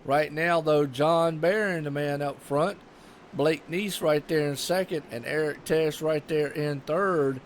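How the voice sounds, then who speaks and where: A man's voice: fairly high pitch, steady tone, measured pace, a little hiss or hum. A man with a Southern US accent giving casual, rambling live commentary on a sim race and chatting with viewers.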